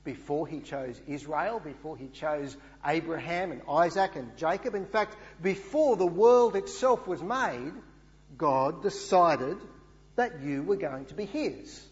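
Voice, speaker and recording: A man's voice: on the high side, animated, unhurried. A man preaching a sermon in an earnest way, often asking rhetorical questions. The recording sounds dull and has a long hall reverb.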